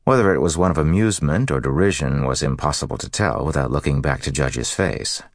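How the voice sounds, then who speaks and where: Male audiobook narrator: very low, gravelly, dry, measured read. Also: no room sound. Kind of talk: scripted narration.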